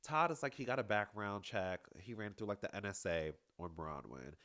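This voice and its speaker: Male recap host, sassy and gossipy, very lively pitch, casual delivery. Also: moderate pace. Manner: sassy, animated, calls everyone girl.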